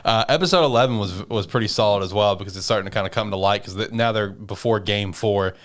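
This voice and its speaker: Man, low voice, casual anime recap, animated retelling, swearing. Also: quick pace. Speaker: podcast co-host.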